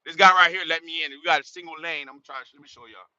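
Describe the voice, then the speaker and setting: A man talking from a truck cab with a very bright, forceful, tense voice, blunt and streetwise, swearing as he drives. The sound is dull and lo-fi. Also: a little high, steady tone, fast, no echo. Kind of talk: casual vlog while driving.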